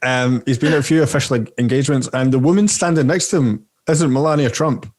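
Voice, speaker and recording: A man co-hosting a casual podcast chat, halting and restarting as he makes his points. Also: mid-range voice, a little mellow. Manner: halting, restarts often, punny jokes. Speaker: podcast co-host.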